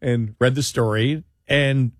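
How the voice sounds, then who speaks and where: A man's voice: medium pitch, fairly even intonation, takes it slowly, dry recording, studio quality. A man hosting a talk radio show, chatting casually and rambling with frequent restarts and fillers.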